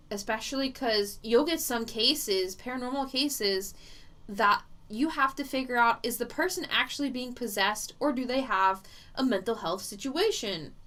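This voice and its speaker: A woman's voice: on the high side, fairly bright tone. A woman psychic medium chatting casually on a livestream, reading viewer comments aloud and laughing often as she rambles.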